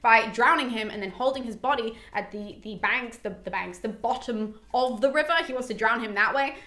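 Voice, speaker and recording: A woman's voice: a little high, brisk, sharp tone. A young woman retelling a myth in a casual, frank way, often saying "like". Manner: chatty, frank, peppered with "like". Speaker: mythology video host. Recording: roomy echo.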